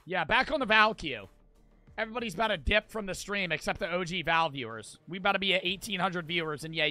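A man's voice: high voice, sharp tone, no echo. A man live-streaming a game, chatting with his viewers in a profane, ranting way. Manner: profane, ranting, talks to chat. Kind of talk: casual gaming stream chat.

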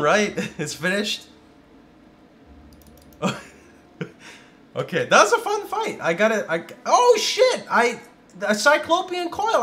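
Excitable male game streamer, lively swooping delivery, yells commands, swears freely. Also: very high voice. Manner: excitable, yelling out moves, swearing and laughing. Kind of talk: live gameplay commentary. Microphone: studio condenser microphone.

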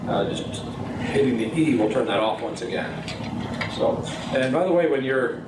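A man teaching software at a workshop, talking in a relaxed, halting way with many fillers and restarts. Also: mid-range voice. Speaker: software instructor. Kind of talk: recorded workshop tutorial. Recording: roomy, distant, noisy workshop recording.

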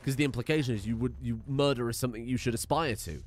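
A man gives casual gameplay commentary as a streamer. He rambles and jokes, swearing freely, at a mid pitch. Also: quick pace.

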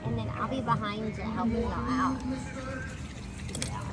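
A woman's voice: on the high side, fairly even intonation, a little slow. A woman therapist, upbeat and encouraging, working with a child at a pool.

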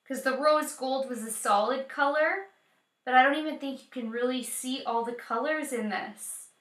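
A woman's voice: high voice, fairly bright tone, roomy sound. A woman in her thirties vlogging an unboxing at home, gushing and emotional, often laughing and exclaiming. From United States. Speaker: beauty vlogger. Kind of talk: casual unboxing vlog.

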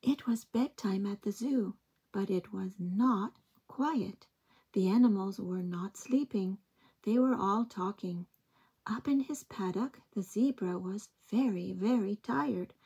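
A woman reading picture books aloud to young children in a slow, gentle, expressive way. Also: mid-range voice, slightly rough. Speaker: early-years storytime reader.

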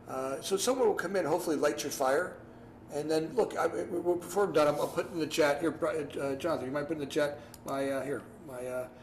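Animated man talking in an echoey room. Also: medium pitch. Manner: animated, repeats himself, acts out his own past thoughts. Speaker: guest speaker. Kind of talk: casual advice talk on a video call. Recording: echoey room, faint noise.

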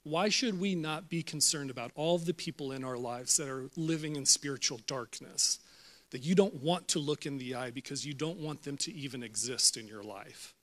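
A man preaching a sermon at a church service, animated and jokey, acting out scripture lines with laughs. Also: medium pitch, normal speed. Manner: animated, jokey, acts out Bible voices with laughs. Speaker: pastor.

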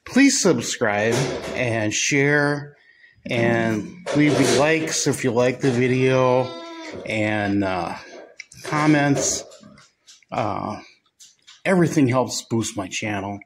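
Slow, soft-spoken man cooing at goats. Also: mid-range voice. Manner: soft, cooing talk to the goats, often hushed. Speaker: goat farmer vlogger. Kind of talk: casual vlog chat. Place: indoor goat barn. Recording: noisy barn recording.

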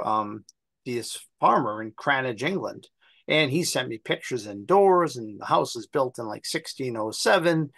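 An American man on a panel, telling family stories in a casual, animated way and acting out the voices of people he quotes. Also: mid-range voice, gravelly, no echo. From United States. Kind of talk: casual storytelling.

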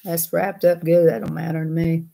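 A woman's voice: deep voice, little pitch movement, moderate pace, creaky, warm tone. Folksy woman chatting on a livestream. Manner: folksy, chatty, laughs easily. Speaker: livestream host. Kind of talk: casual livestream chat.

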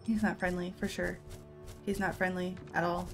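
A woman's voice: on the low side, little pitch movement, normal speed, loud music behind the voice. A woman giving casual let's-play commentary, talking to herself and letting out frightened yelps.

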